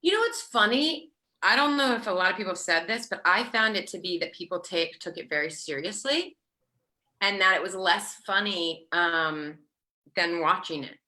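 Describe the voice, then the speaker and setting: Bright-voiced woman, rambling interview guest. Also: on the low side, expressive, moderate pace. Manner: rambling, full of fillers and restarts. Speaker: guest actor. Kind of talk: casual interview chat.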